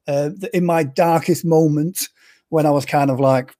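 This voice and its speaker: This is a chatty, joking man hosting a relaxed show, with a mellow, warm voice that sits a little high for a man. He keeps things light and reads out what viewers write in. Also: normal speed. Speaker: podcast host. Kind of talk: casual chat.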